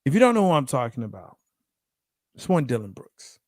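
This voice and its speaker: A man hosting a casual sports debate show, animated, laughing often and acting out quotes. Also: medium pitch, a little fast.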